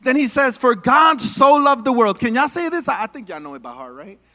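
High-voiced animated male preacher. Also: a little fast. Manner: animated, call-and-response with the congregation; casual, joking asides. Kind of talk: sermon. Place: church.

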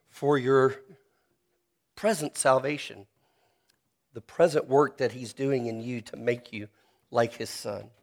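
A man preaching a sermon, earnest and personal, slowing down to stress key phrases. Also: mid-range voice, a little mellow. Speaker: pastor.

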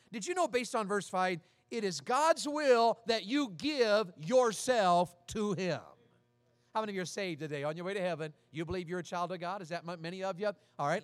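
A man's voice: sits high, dry recording. A middle-aged man from Tennessee, preaching a folksy sermon and calling out questions to his congregation. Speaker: pastor.

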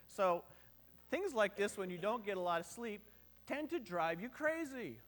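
A man's voice: sits high, animated, unhurried, a bit bright. A middle-aged man preaching a sermon in a conversational, joking way, full of rhetorical questions and short on sleep. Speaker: pastor.

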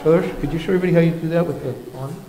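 A man's voice: on the high side, steady tone, rapid-fire, gravelly, background noise. A man leading a children's moment in a church service as pastor, playful and coaxing as he talks with the kids. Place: church sanctuary. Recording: echoey church sanctuary.

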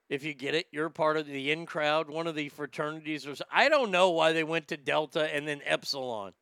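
A man's voice: on the high side, fairly bright tone, no echo, clean studio sound. A male comedian hosting a livestream, reading chat aloud and ranting in a blunt, profane way. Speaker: comedian host.

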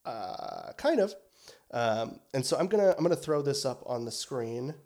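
A man's voice: mid-range voice, sing-song, normal speed, a little mellow. A young man co-hosting a casual podcast chat, rambling with lots of fillers and swearing for emphasis. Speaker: podcast co-host.

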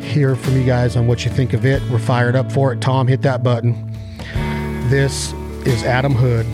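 A man hosting a podcast in casual chat. He is energetic, talks over his guest at times, and coaches his guest step by step. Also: medium pitch, normal speed, loud music behind the voice. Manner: coaching and instructive. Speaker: podcast host.

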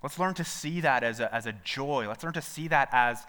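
Bright-voiced man preaching conversationally. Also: mid-range voice, normal speed, clean tone. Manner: conversational preaching with rhetorical questions and restarts. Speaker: pastor. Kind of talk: sermon.

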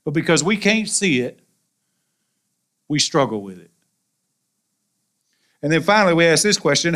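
A pastor with a Southern US accent preaching a sermon in a folksy, animated way with colloquial asides. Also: male voice, fairly high pitch, moderate pace, long pauses. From American South.

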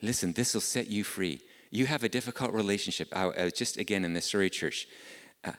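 A man's voice: lowish voice, a little fast, fairly bright tone, in a large hall. A middle-aged man, preaching a sermon in an earnest, conversational way, full of rhetorical questions. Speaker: pastor. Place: church.

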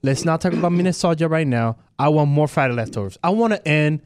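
A man's voice: fairly high pitch, expressive, fast, crowd noise. A man co-hosting a radio show, playfully bantering, laughing often and echoing his partner's lines back.

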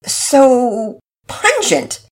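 An easygoing storybook father, read by a woman, who speaks mildly and reassuringly. The voice stays husky and close to the reader's own, a touch higher. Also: sing-song, very slow, full character voice.

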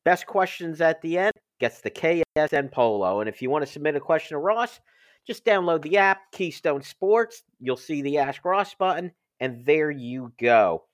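A man's voice: on the high side, animated, moderate pace, no echo, clean studio sound. A man hosting a sports talk show, reading ads and listener questions with playful emphasis. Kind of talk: casual sports chat and ad reads.

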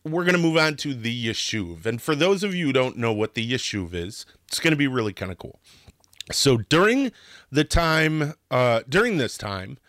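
Very animated and speaking at a normal speed, the history podcast host has a mid-range, slightly bright male voice. He narrates in a loose, fervent style that sometimes boils over, stopping to restart and dropping an occasional curse. The studio-quality recording is dry.

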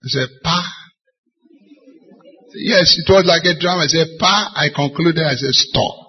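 Bishop in the pulpit, husky voice, dramatic testimony, muffled lo-fi recording. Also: male voice, fairly high pitch, unhurried. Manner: dramatic storytelling, acts out dialogue. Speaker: bishop preaching. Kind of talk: sermon with personal testimony. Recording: dull lo-fi sermon recording.

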